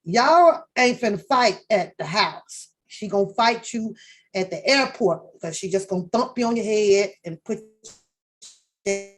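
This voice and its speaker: A woman's voice: mid-range voice, lively intonation, a little slow. A woman hosting a reaction channel, rambling through casual commentary on a reality show with lots of swearing, restarts and laughter. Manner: rambling, profane, laughs often, many restarts.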